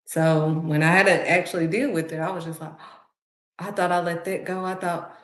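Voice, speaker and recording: Lower-voiced woman preaching with emphasis. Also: steady tone, normal speed. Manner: emphatic, heartfelt, repeats phrases for emphasis. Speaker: speaker giving spiritual encouragement. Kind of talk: conversational preaching. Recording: roomy echo.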